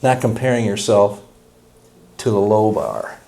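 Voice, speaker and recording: A pastor preaching a sermon in a blunt, folksy, impassioned way. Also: male voice, on the low side, big pitch swings, unhurried, gravelly, darkish tone.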